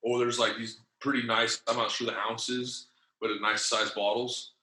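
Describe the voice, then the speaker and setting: A former wrestler appearing as a podcast guest tells a long, casual story in loose, profane slang. His voice is mid-range and level but sharp, at a moderate pace, and the room sounds echoey.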